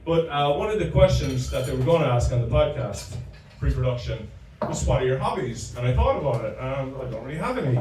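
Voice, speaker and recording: A man doing a rambling, profane stand-up comedy set, stalling often with halting fillers. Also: medium pitch, expressive, darkish tone, slight background noise. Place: comedy club room. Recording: echoey room, distant mic, faint ambience.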